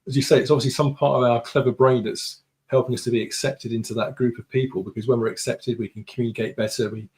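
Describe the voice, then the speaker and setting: A man's voice: medium pitch, level tone, fast talker, few pauses, darkish tone. Chatty storytelling man. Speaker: guest. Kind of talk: casual conversation.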